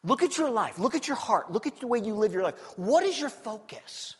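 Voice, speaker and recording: A middle-aged male pastor preaches with a high-pitched voice. He tells stories with lively swings between booming and hushed delivery. His voice carries a long reverb from a church hall. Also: fairly quick, husky. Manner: animated storytelling, swinging between loud and quiet. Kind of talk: sermon.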